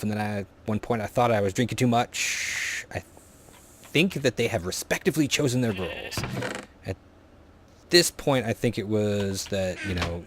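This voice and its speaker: A man's voice: low-pitched, slight background noise. A young man telling a rambling story in a casual, chatty way while playing a game, often trailing off into muttered asides. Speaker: gaming vlogger.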